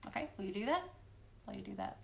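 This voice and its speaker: A woman's voice: mid-range voice, big pitch swings, quick pace, vocal fry, a little hiss or hum. A woman hosting a weekly live question-and-answer stream, talking casually and encouragingly to viewers and playfully acting out voices. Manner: playful, encouraging, often acts out quoted voices. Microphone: livestream computer microphone.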